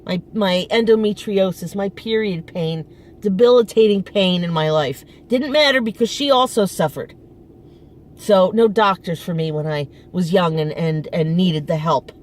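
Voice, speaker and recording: A woman's voice: on the low side, moderate pace, slight background noise. A middle-aged woman vlogging outdoors in front of her apartment, venting with frustration and emphasis and often restarting her sentences. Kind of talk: casual personal venting.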